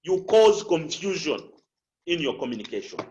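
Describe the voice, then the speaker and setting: Slow, lively-pitched man teaching speech. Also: muffled recording. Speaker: public speaking coach. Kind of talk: instructional talk with spoken examples.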